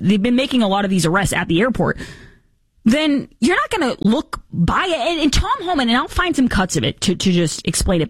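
Woman host ranting about the news, sarcastic, pitch jumping all over, dry close mic. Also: dry recording. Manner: animated, sarcastic, mimics other people's voices. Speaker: political commentary host. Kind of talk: opinionated political commentary.

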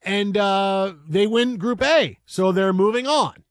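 A man's voice: high voice, slow, no echo, clean studio sound. A man hosting a casual sports talk show, chatty and playful.

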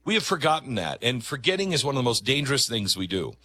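A man hosting a commentary monologue, speaking emphatically and conversationally with dramatic pauses. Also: medium pitch, sing-song, pushed and bright, husky. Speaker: talk show host.

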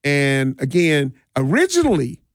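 In a clean studio recording with no room sound, a middle-aged Milwaukee man recounts stories for a casual interview. He's a DJ who organizes community parties, and his high-leaning voice swoops wildly in pitch at a measured pace, laced with laughter and frequent restarts.

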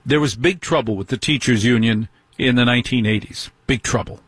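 A middle-aged male radio host holds forth in an indignant talk radio monologue. His voice is husky, sitting at an ordinary pitch, and the sound is dry and close with no room around it. He keeps firing rhetorical questions at his listeners. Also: brisk, fairly bright tone, no room sound.

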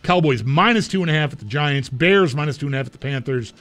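A man's voice: a little high, lively intonation, fast, fairly bright tone. A man co-hosting a sports radio show, chatting casually and thinking his picks through aloud. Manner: conversational, mulling picks aloud.

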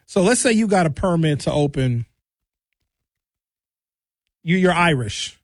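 A man with a fairly high voice rants in a mocking, opinionated monologue. The sound is dry and close, with no room around it. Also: lively intonation, a little slow, dry recording. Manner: ranting, mocking. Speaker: commentator.

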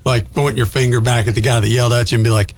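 A man's voice: medium pitch, steady tone, racing. A man hosting a radio show, teasing his co-hosts and playing up the jokes in casual banter.

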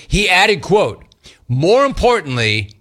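A man's voice: sits high, very animated, takes it slowly, bright, forceful tone. A man hosting a sports radio show, joking his way through commentary on a photo and laughing often.

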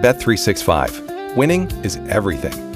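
A man with a low, lively voice delivers a deadpan comic ad monologue. Plucked guitar music plays clearly behind him. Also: moderate pace.

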